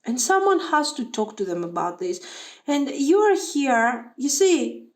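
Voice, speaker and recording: A woman's voice: sits high, sing-song, a little slow, roomy sound. A woman giving a pick-a-card tarot reading to her viewers. She talks emphatically and with some exasperation, addressing them directly. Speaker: tarot reader.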